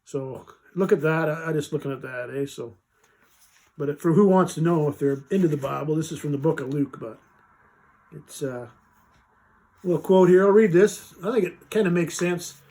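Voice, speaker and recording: A man's voice: a little high, normal speed, darkish tone. A man hosting a casual live vlog, rambling folksily with many fillers and restarts as he reads and explains a short scripture passage. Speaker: vlogger reading a Bible passage.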